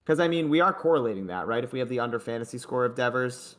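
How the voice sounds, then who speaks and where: A man's voice: mid-range voice, animated, fast, a bit bright. A young man hosting a sports betting livestream, chatting loosely and joking with his co-host and the chat.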